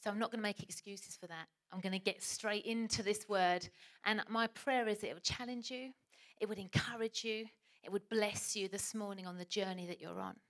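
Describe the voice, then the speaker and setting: A woman's voice: mid-range voice, fairly even intonation, fairly quick, fairly bright tone. A woman preacher, telling a chatty, self-deprecating story in a sermon.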